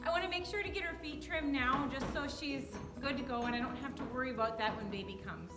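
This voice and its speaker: A woman vlogging about her horse in a casual, excited way, with plenty of fillers, speaking at a barn while grooming her mare. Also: sits high, fast, over loud music. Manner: excited and chatty, many fillers. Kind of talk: casual vlog chat. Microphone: handheld camera.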